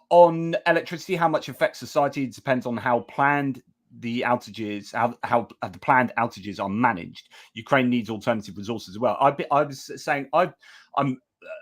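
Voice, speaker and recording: A man's voice: mid-range voice, moderate pace. Reflective man hosting a live stream. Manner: thinking aloud, many fillers and restarts. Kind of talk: casual live-stream talk.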